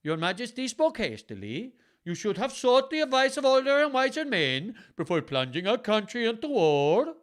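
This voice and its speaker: A man voicing a nervous nobleman in an exaggerated, high comic mock Icelandic accent. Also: wildly swooping pitch, normal speed, hardly any pauses, full character voice. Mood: pleading. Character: accused nobleman, Earl of Cambridge, anxious.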